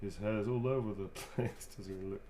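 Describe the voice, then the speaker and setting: A man's voice: fairly low pitch, steady tone, brisk, mellow, a little hiss or hum. A man who is an actor, chatting and joking as he signs autographs and reads out fan messages. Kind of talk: casual chat during a live signing.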